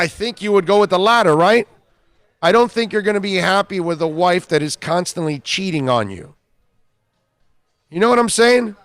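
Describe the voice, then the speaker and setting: A man's voice: high voice, a bit bright, no echo. A man hosting a sports talk radio show, bluntly scolding listeners with repeated rhetorical questions.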